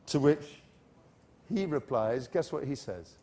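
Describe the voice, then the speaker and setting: A British man with a mid-range voice leads an English-teaching workshop in a university hall. He's animated and corrects himself as he drills a large audience, tossing in quick asides.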